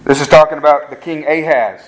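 A man's slightly high voice moves a little fast as he preaches as pastor, earnest and emphatic. He regularly checks in with the congregation and restarts his words, repeating them at the start of sentences, and the recording is rough.

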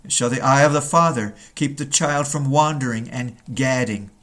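A man's voice: medium pitch, fairly bright tone. A man reading an old Puritan sermon aloud, earnest and building to urgent rhetorical questions.

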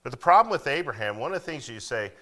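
A man's voice: mid-range voice, sing-song, fast, bright, forceful tone. A man preaching, reading scripture aloud in a raised voice and then explaining it plainly with frequent "okay?" asides. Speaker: pastor.

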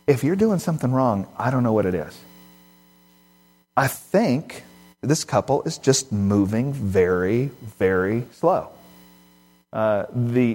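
A middle-aged male pastor delivers a sermon in a mid-pitched voice. He tells stories, acting out the quoted dialogue and shifting between quick and slow phrasing. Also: darkish tone. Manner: storytelling, acts out quoted dialogue, varied pace.

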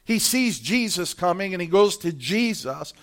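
Male preacher with a high voice, passionate pulpit delivery that rises and falls, talks directly to his congregation. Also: expressive, normal speed. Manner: impassioned preaching, swelling from hushed to loud; addresses the congregation directly, who answer back. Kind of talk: sermon.

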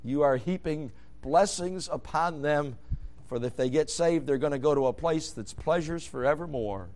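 A man preaching a sermon, moving from quiet storytelling into loud, fervent hollering. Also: a little high, normal speed.

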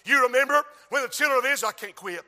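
A man preaches, his voice high and strikingly bright. He drops to near whispers while telling a story, then bursts into shouted refrains. The sound carries a long reverb from a big room. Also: very fast. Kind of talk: sermon.

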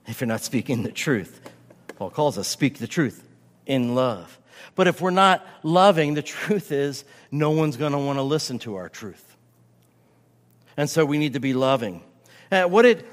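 A man's voice: on the high side, long reverb tail. A man preaching a sermon as pastor, stressing his points by repeating key phrases.

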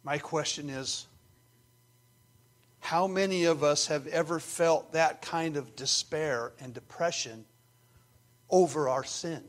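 A male pastor preaching a sermon in an earnest way, dropping to hushed asides and rising to emphatic points, with a slightly high voice. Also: slow, pauses often.

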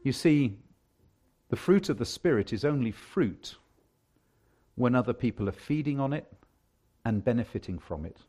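Emphatic preacher man, lively pitch. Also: normal speed, long pauses. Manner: emphatic preaching, swings from hushed to loud declarations. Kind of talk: sermon.

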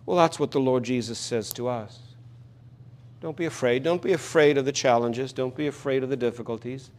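A man's voice: mid-range voice, a little fast, a little mellow. A man preaching an expository sermon, earnest and emphatic, repeating key phrases for stress.

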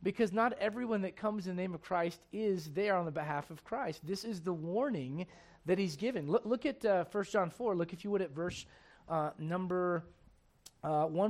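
Male pastor, high-pitched, emphatic sermon delivery with scripture reading. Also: moderate pace, a little mellow. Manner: emphatic, asks the congregation questions; reads scripture aloud in old wording.

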